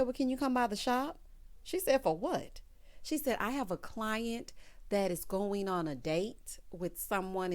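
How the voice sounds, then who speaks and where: A woman recapping a TV episode in casual chat, retelling scenes in a sassy way with asides like "girl" and "honey". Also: mid-range voice. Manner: chatty, quotes characters in lively retellings. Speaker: TV recap host.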